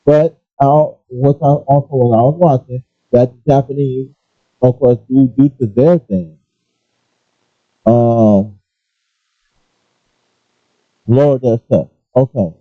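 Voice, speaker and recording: A man ranting casually about gaming and pausing often to apologize for his language. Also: mid-range voice, no room sound. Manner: animated, apologetic asides, restarts. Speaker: gaming commentator. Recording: dull lo-fi, dry.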